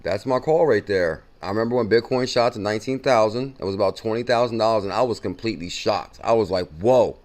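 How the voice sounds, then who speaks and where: Man, crypto show host, fairly low voice, excitable, casual chatty delivery, repeats himself for emphasis. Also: fast, hardly any pauses. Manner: excitable, repeats and reacts to a played clip. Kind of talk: casual chat.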